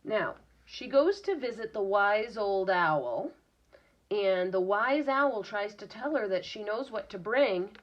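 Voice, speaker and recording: A woman's voice: medium pitch, expressive, slow pace. A woman teacher reading a picture book aloud to young children, patiently explaining words and sounding them out. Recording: dull lo-fi recording.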